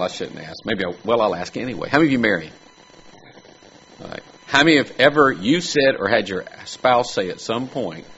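Male preacher, gravelly and animated, questions his congregation; muffled low-fi recording. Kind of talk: sermon. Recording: dull lo-fi recording with faint noise.

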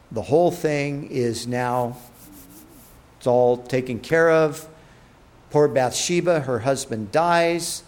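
A man preaching, retelling a Bible story with animated delivery and acted-out quotes. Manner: animated, acts out quotes with rising and dropping pitch. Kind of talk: sermon storytelling.

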